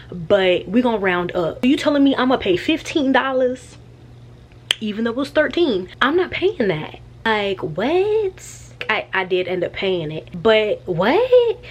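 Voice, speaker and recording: A young woman telling an animated, chatty travel story in a casual vlog. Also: on the high side, moderate pace, husky. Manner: animated and chatty, with slangy asides. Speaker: vlogger.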